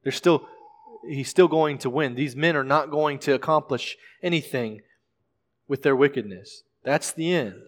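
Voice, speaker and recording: A male pastor preaching a sermon in a measured way, often repeating words as he explains scripture. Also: fairly high pitch. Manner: measured preaching with frequent word repetitions. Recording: long reverb of a large hall.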